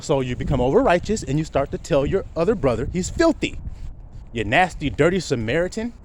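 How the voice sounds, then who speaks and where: A man preaching informally, firing rhetorical questions and swinging from a low mutter to loud, emphatic outbursts, now and then swearing.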